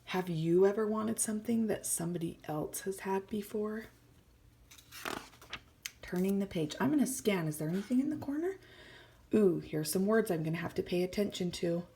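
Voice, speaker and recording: A woman's voice: mid-range voice, lively intonation, normal speed, creaky, mellow, slight background noise. A woman teacher reading a story aloud to children, explaining words and often dropping to a whisper. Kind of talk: read-aloud lesson for children.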